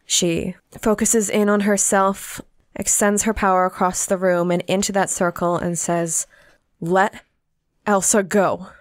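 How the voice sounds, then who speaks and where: A woman playing a tabletop game, calmly narrating her character's actions in third person. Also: mid-range voice, a little slow, no echo, studio quality. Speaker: player.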